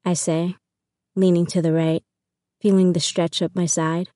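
A woman narrates a first-person audiobook in an even, intimate way. Her voice sits low and mellow, and the recording is close and dry, with no room around it. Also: moderate pace, no echo.

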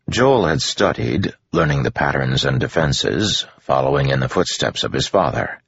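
A man narrating an audiobook in a measured, even storytelling manner. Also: rumbling low, vocal fry, a little hiss or hum. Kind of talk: scripted narration. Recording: dull lo-fi audio.

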